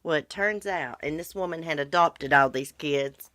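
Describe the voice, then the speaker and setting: Congested lady hosting a chatty livestream, low voice, talks blunt and swears casually, dead dry room. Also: moderate pace, fairly bright tone, no echo. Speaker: livestream host. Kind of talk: casual chat about true crime with live viewers.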